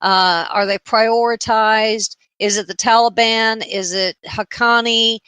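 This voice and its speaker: A woman hosting a talk radio show who frames her questions haltingly, with many fillers. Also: on the high side, fairly even intonation, fairly bright tone, clear, resonant tone, dry recording.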